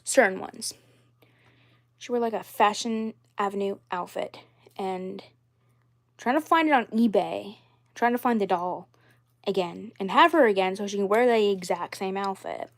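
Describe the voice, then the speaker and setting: A woman's voice: mid-range voice, measured pace, gravelly, pauses often. Young woman vlogger, mid-range voice, meandering casual talk about her dolls, lots of "um" and "like". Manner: rambling and repetitive, many fillers. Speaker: doll collector vlogger. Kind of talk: casual doll-collection vlog.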